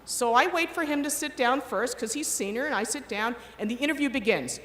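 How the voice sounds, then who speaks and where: A middle-aged woman giving a commencement speech, telling an animated story and acting out the quoted voices. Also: high-pitched, a little fast. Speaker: commencement speaker. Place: large ceremony hall. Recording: echoey hall with long reverb, faint ambience.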